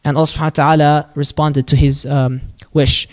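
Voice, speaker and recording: A man telling a prophet's story at a mosque in a lively, casual way, acting out the quoted lines and using Arabic phrases. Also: a little high, brisk. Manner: casual, with fillers and restarts. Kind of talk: religious storytelling talk.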